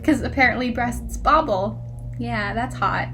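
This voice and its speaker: A woman's voice: fairly high pitch, normal speed, a little hiss or hum. A woman casually reviewing a book, reading passages aloud and mocking them with exasperated, sarcastic asides and frequent laughter.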